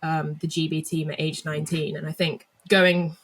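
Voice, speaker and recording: A woman's voice: low-pitched, little pitch movement, normal speed. A young woman from England speaking as an interview guest. She tells her story reflectively, with frequent fillers and restarts. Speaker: guest athlete.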